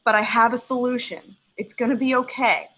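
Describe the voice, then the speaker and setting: A young woman performing a stand-up set on a video call, emphatic and profane, pausing like a preacher between lines. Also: on the high side, fairly even intonation, pushed and bright, slight background noise, low-quality recording. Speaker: stand-up comedian.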